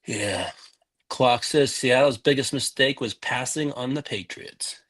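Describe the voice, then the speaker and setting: A man co-hosts a casual sports podcast, calmly running through news items. He speaks slowly and evenly, with a mid-range voice and no rush. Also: medium pitch. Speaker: podcast co-host reading news.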